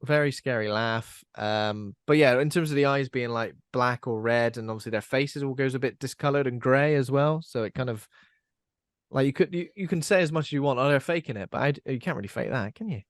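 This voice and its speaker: A man's voice: mid-range voice, brisk, dry recording, clean studio sound. A man hosting a podcast, chatting casually about a horror film and asking his co-hosts questions. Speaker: podcast host.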